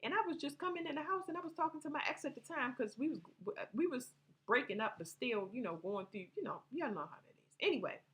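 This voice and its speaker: A woman's voice: sits high, animated, fast talker, fairly bright tone. Rambling, profane woman telling stories. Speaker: vlogger telling personal stories. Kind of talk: casual storytelling to viewers.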